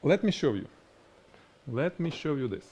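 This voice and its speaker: A man with a strong Russian accent whose first language is Russian, teaching product photography on a live stream in an animated, demonstrating way. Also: a little high, moderate pace, a little hiss or hum. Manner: animated, explains by demonstrating, laughs at himself. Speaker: photography instructor.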